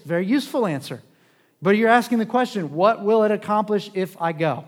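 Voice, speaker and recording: A man preaching a sermon in a conversational way, asking rhetorical questions and swinging between loud and hushed. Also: sits high, lively intonation, brisk. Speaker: pastor. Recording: long reverb of a large hall.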